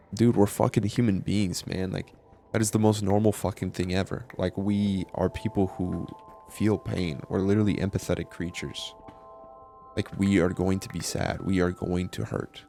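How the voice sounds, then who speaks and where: A man's voice: low-pitched, gravelly, mellow. A young man speaking candidly in a casual personal monologue, swearing and using lots of fillers. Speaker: vlogger.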